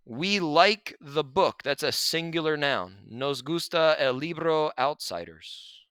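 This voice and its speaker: A man teaching a grammar lesson over slides, relaxed and chatty, with asides to his students. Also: medium pitch, moderate pace, smooth, dry recording. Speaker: Spanish teacher.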